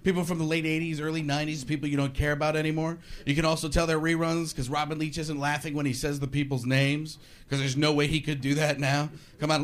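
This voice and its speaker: A man's voice: fairly high pitch, fast, few pauses. A man doing a sarcastic stand-up comedy routine, acting out voices along the way. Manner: sarcastic, animated, acts out voices. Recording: noisy live show recording.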